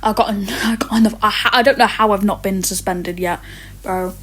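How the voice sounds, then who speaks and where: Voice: medium pitch, steady tone, brisk, fairly bright tone. A teenager telling stories in a rambling rant, swearing often and stumbling over many fillers and restarts. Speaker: vlogger. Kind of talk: ranting storytime.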